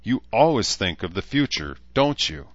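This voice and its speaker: A man's voice: on the low side, big pitch swings, normal speed, a bit bright, no echo, muffled recording, voice pushed up. A man voicing a bitter, hot-tempered young woman who speaks in curt, clipped retorts, in an audiobook. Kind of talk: audiobook character voice.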